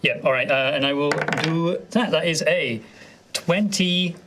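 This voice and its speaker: A man's voice: a little high, moderate pace, fairly bright tone. A man playing a tabletop game who chats casually and asks eager questions about his abilities. His voice sits a little above the usual range for a man. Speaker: player.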